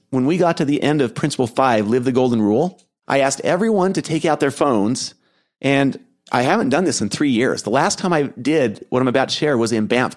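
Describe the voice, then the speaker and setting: A middle-aged man hosting a podcast, telling a reflective story in an earnest, gentle way with soft laughs. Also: mid-range voice. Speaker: podcast host and keynote speaker.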